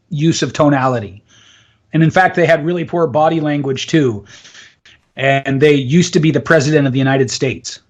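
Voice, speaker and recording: Emphatic man coaching on public speaking. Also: on the high side. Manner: emphatic, explains with instructive asides. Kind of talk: casual live interview.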